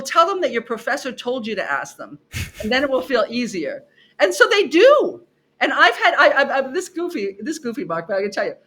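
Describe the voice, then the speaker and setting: Bright, animated middle-aged woman. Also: medium pitch, slight background noise. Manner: expressive, acts out her students' voices, repeats herself for emphasis. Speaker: podcast guest, psychology professor. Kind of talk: animated conversational storytelling.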